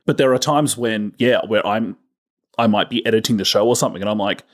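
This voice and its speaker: A man's voice: on the low side, fairly quick. Dry, sardonic Australian man. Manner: dry, sardonic, deadpan jokes. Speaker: podcast co-host. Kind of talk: casual film-review chat.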